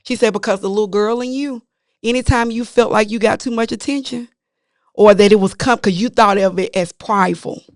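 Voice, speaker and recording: A woman's voice: medium pitch, a little fast, no echo. Earnest confessional woman, dry close mic. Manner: earnest, confessional, animated when retelling. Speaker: podcast co-host. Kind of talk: candid casual chat.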